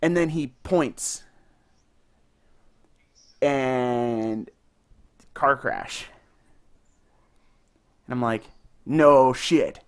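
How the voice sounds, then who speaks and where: A young man co-hosting a podcast, telling stories in a casual, excited and profane way. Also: mid-range voice, drawn-out words, pauses often, clear, resonant tone. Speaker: podcast co-host. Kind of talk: casual chat.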